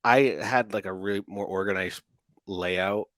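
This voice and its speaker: A man co-hosting a casual podcast, relaxed and rambling, restarting his sentences often. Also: lowish voice, a little slow, no echo. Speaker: podcast co-host and audio editor.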